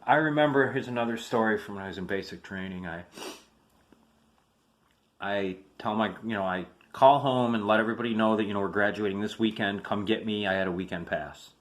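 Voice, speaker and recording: A man's voice: on the low side, fairly quick. Rambling chatty man in his fifties. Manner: rambling, chatty, many fillers and restarts. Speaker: army veteran showing family military keepsakes. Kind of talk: casual storytelling vlog.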